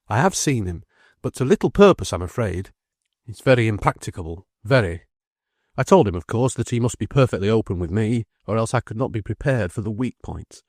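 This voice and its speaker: A man voicing a brisk, decisive middle-aged defence lawyer who speaks quickly and with emphasis. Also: fairly low pitch, animated, a little mellow, dry recording, studio quality.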